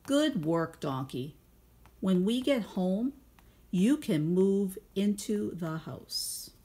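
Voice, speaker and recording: A woman voicing a gruff, bossy farmer from a children's storybook, who bellows orders and coaxes by turns. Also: medium pitch, expressive, slow pace, warm tone. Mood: pleased. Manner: bellowing orders, then coaxing.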